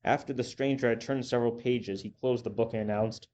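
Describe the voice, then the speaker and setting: A man reading a story aloud in a steady, measured narration. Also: mid-range voice. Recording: dull lo-fi with faint hiss.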